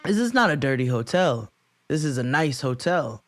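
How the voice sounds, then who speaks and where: A man co-hosting a podcast, telling a long story in casual chat, acting out quotes in high voices and laughing often. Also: sing-song, normal speed, slight background noise. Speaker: podcast co-host.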